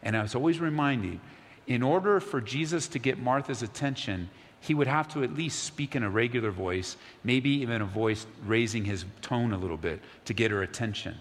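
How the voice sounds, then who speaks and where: A man preaching a sermon as pastor, earnest, sometimes dropping to a soft, near-whispered voice. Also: mid-range voice, a little fast. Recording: long hall reverb, faint ambience.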